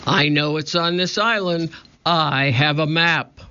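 A man voicing a gruff, scowling male pirate captain who growls and roars his lines in an audiobook. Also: fairly high pitch, takes it slowly, bright, forceful tone, full character voice. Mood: menacing. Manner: growling, roaring pirate talk. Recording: dull lo-fi recording.

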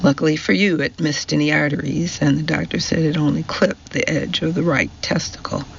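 A man voicing a brisk, tactless grown son who speaks in a blunt, matter-of-fact way. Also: on the high side, fairly even intonation, gravelly, dull audio, a little hiss or hum.

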